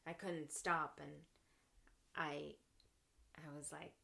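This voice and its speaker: A young woman talking in a casual podcast interview, animated, laughing often and acting out her own thoughts. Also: deep voice, takes it slowly, gravelly. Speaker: podcast guest, actress and clown.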